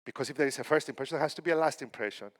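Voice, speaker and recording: A middle-aged Cypriot man delivers a conference keynote in a rapid-fire, mid-range voice. He tells animated stories, acting out the quotes.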